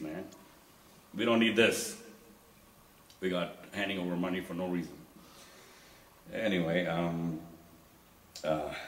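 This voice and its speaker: A man doing stand-up, rambling through stories with lots of fillers and quick impressions of others. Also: deep voice, reverberant, far from the mic, slight background noise, rough recording. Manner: rambling with many fillers, mimics wife and officer. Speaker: stand-up comedian. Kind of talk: stand-up storytelling.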